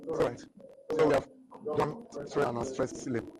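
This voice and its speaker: A man with a Nigerian English accent teaching a literature lesson, speaking slowly and repeating each definition several times. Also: mid-range voice, fairly even intonation, heavy background noise. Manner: slow and repetitive, restating definitions. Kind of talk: classroom lecture.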